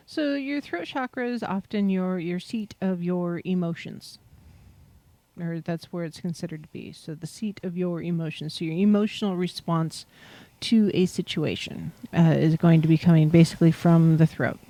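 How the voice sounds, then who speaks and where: A woman's voice: fairly low pitch, moderate pace, warm tone. A woman hosting a casual livestream, talking through a spiritual topic in a rambling way with many fillers. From Pacific Northwest, USA. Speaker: host. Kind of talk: casual livestream chat about chakras.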